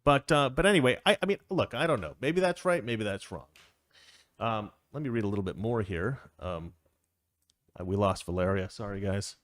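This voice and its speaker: A man's voice: fairly low pitch, lively intonation, moderate pace, a bit bright, no room sound, studio quality. A man hosting a casual political commentary show, opinionated and rambling, chuckling often as he talks. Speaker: show host.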